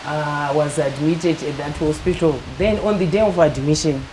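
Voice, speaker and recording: A middle-aged woman calmly telling her personal story as an interview guest. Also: low voice, moderate pace, background noise. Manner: calm, matter-of-fact, acts out quoted dialogue.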